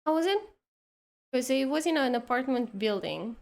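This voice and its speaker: A woman's voice: sits high, expressive, normal speed, darkish tone. A woman telling a long story in casual chat, rambling with lots of "like" and restarts. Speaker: streamer.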